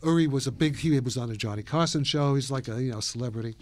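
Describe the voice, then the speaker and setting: Older man from new york, rambling animated interview stories, laughs a lot, dry room. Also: mid-range voice, fast talker, no echo. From New York, USA. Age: around 80. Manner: animated, laughs often, trails off and restarts. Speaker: interview guest, physicist.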